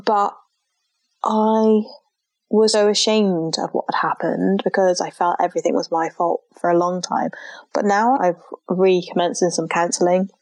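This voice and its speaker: A young woman speaks earnestly in an interview, her voice sitting a little low for a woman. The sound is dry and close, with no room echo. Her tone is heartfelt and unguarded, with "like" scattered through her sentences. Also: fairly even intonation, normal speed, a little mellow. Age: young adult. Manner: earnest and heartfelt, with frequent "like" fillers. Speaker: interviewee, mother sharing her story. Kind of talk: emotional personal account.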